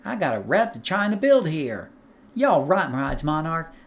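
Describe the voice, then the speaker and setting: A man's voice: fairly high pitch, very animated, normal speed. A man voicing a shady male underworld informant with a put-on Southern accent, chummy and wheeling-dealing, while reading a game's dialogue aloud. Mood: wheedling.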